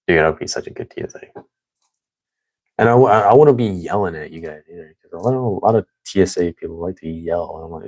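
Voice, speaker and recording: A man's voice: sits low, fast, darkish tone, no room sound. A young man chatting casually, rambling with lots of fillers. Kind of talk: casual chat.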